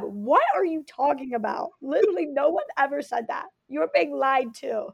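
A woman's voice: high voice, lively intonation, moderate pace, gravelly, no room sound, dull audio. A woman on a casual sports podcast chat, sarcastic and joking. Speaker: podcast panelist.

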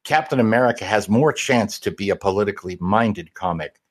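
Low-voiced, measured man reviewing. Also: animated. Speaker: podcast co-host. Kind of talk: casual review chat.

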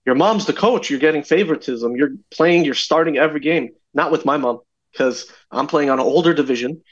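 A man's voice: a little high, brisk, husky, muffled recording. A young man, a podcast guest, telling a story in casual chat and acting out the dialogue as he goes. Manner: animated, acts out dialogue in his stories.

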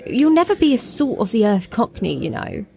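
A woman's voice: fairly high pitch, big pitch swings, normal speed, vocal fry, noisy background. An actress playing an anxious, reproachful young schoolgirl in an audio drama. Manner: nervous, pleading, reproachful.

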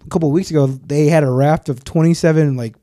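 A man's voice: fairly high pitch, steady tone, fast talker, warm tone, no echo, clean studio sound. A man co-hosting a casual chat, throwing in joking asides and lots of mm-hmms.

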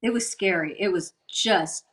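A woman's voice: fairly low pitch, measured pace, a bit bright. A woman co-hosting a casual film review chat, reacting in a chatty, exclamatory way. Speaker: co-host.

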